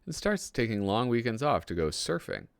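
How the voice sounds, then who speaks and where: A man's voice: mid-range voice, very animated, moderate pace, vocal fry, clean tone, no room sound. A man hosting a casual comedic commentary, reading old magazine jokes aloud with self-deprecating asides and frequent chuckles.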